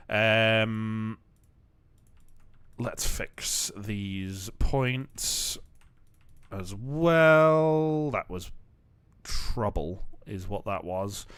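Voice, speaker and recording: A young man streams his game-building in a relaxed, rambling way, joking to himself and filling gaps with ums and uhs. His voice sits low and his pace is slow and drawn out. The sound is dry and close, with no room around it. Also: smooth, no echo. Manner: rambling, joking self-talk with many fillers. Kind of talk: casual live-stream commentary while building.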